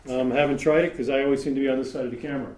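A man races through an informal, conversational sermon to his congregation, throwing in joking asides and plenty of fillers. His mid-range voice is a little mellow with fairly even intonation. The meeting room's live-stream mic captures echo and a faint background hum.

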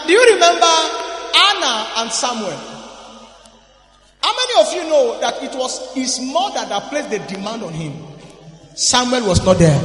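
A man with a very high, bright, forceful voice preaches a sermon, calling out to the congregation and swinging between quiet asides and shouted emphasis. The sound carries a long, roomy reverb from a big hall, with faint music behind him. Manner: emphatic, with frequent call-and-response to the congregation. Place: church service in a large hall.

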